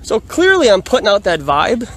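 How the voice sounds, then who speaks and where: A man casually telling a story in a vlog, animated and laughing often, recorded outdoors on a phone. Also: high voice, normal speed. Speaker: vlogger. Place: outdoors in a busy urban area. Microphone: phone on a selfie stick. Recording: outdoor street noise.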